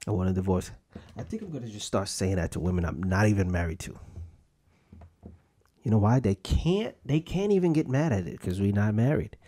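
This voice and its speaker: With big pitch swings and a dark tone, a young adult man talks a little fast as he hosts his podcast. He rants loosely, telling foul-mouthed stories for laughs, his pitch jumping suddenly.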